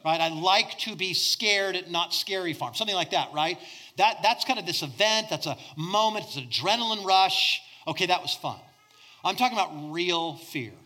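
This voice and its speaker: A middle-aged man preaching a sermon, swinging between loud emphasis and hushed near-whispers. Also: sits high, lively intonation, moderate pace. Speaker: pastor.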